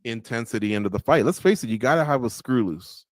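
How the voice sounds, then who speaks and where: Animated male sports radio co-host. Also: medium pitch, fast, no echo. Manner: animated storytelling, acts out quotes, laughs at own jokes. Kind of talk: casual sports chat. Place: studio.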